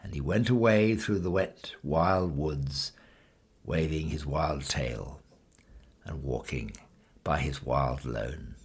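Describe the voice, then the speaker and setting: A man reading a classic children's story aloud in measured, rhythmic storybook narration. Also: very deep voice, slightly rough. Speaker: reader.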